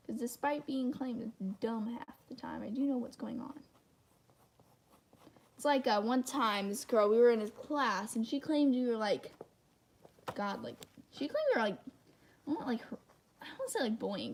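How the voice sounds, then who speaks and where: A woman hosting a casual livestream, rambling and thinking aloud while she draws, with many restarts. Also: a little high. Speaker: channel host.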